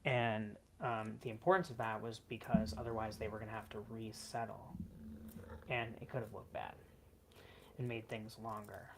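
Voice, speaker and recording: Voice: mid-range voice, steady tone, normal speed, creaky, noisy background. A vlogger telling a personal story in an earnest, emotional way, with frequent "like" and "um" fillers.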